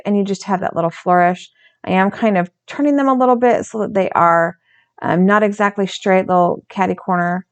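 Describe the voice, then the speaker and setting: A woman hosting a craft channel, narrating her art journal process in a casual, chatty way, often correcting herself and stumbling over words. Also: mid-range voice.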